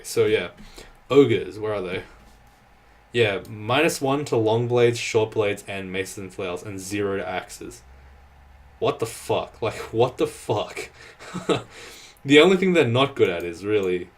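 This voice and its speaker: A man giving casual, exasperated gameplay commentary, swearing often and restarting his sentences. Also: fairly low pitch. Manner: exasperated, sweary ranting with frequent laughs and restarts. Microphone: desk microphone.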